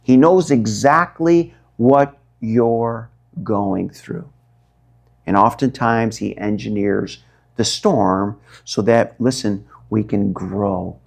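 A male pastor preaching a sermon, stretching out words for dramatic emphasis and swinging between quiet and loud. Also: gravelly. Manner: dramatic, drawn-out emphasis with wide swings in pitch and loudness.

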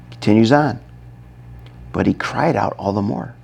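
A man preaching a sermon, telling a Bible story dramatically, dropping to a hush and then acting out shouts. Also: lowish voice, normal speed, gravelly, long pauses, husky. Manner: dramatic, acts out the scene, shifts from hushed to shouting. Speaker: pastor.

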